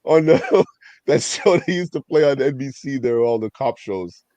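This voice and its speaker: A man's voice: mid-range voice, animated, normal speed, warm tone, dry recording. A man co-hosting a podcast, telling stories in casual chat, swearing freely and acting out both sides. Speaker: podcast co-host.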